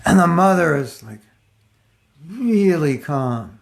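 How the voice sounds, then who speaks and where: Older male spiritual teacher, gravelly, chatty storyteller giving a casual class. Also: a little high, very animated, slow. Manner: conversational storytelling, acts out voices of people in his stories. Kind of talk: casual devotional lecture.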